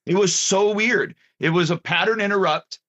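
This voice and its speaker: Bright-voiced rambling male co-host. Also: sits high, moderate pace, dull audio. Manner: rambling storyteller, self-correcting. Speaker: podcast co-host, martial arts instructor. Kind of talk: casual chat.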